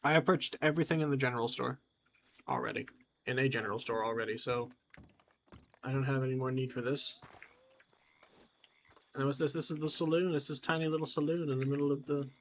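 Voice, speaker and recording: A man's voice: medium pitch, steady tone, a little fast, long pauses. A man giving let's-play commentary, chatty and wry, talking to himself as he explores. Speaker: gamer.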